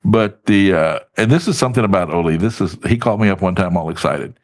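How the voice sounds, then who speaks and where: A middle-aged man telling stories as a podcast guest, lively and acting out what others said. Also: deep voice, fast talker. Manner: animated storyteller who acts out quoted voices. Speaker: podcast guest, business advocate. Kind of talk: casual storytelling in an interview.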